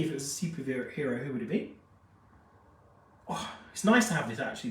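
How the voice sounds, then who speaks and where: A man's voice: mid-range voice, slight background noise. Chatty man, echoey and distant. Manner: chatty and gushing, reads out viewer comments. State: unwell after a jab, feverish. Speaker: fragrance expert host. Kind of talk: live-stream product review chat. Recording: echoey room, mic at a distance.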